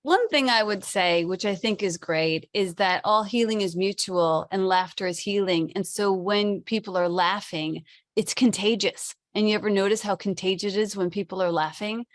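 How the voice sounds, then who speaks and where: A woman of middle pitch speaks with enthusiasm as a guest on an online panel. Her voice sounds close and dry. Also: moderate pace, dry recording. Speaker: webinar guest. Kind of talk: casual group discussion.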